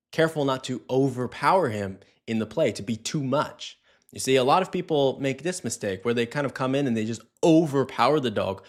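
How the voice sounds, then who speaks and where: A man giving a casual, conversational dog training lesson, often checking in with "right?" and acting out little scenes. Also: medium pitch. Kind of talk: casual instructional talk.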